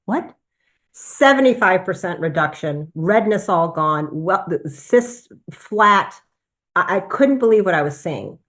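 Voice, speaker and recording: A woman with a somewhat low-pitched voice recounts a personal experience, animated and conversational. She speaks as a physician addressing a business presentation and tells the story with plenty of energy. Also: unhurried. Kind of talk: personal testimonial talk.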